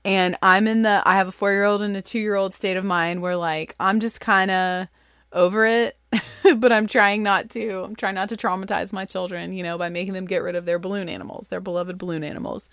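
A woman in her thirties, a mother telling a funny story in a casual, animated, self-deprecating way. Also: a little fast, no room sound, clean studio sound. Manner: animated, self-deprecating, acts out quotes in high voices.

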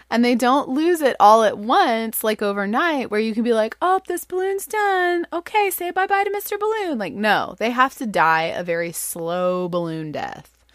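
A woman in her thirties, a mother telling a funny story in a casual, animated, self-deprecating way. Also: dry recording, clean studio sound. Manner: animated, self-deprecating, acts out quotes in high voices.

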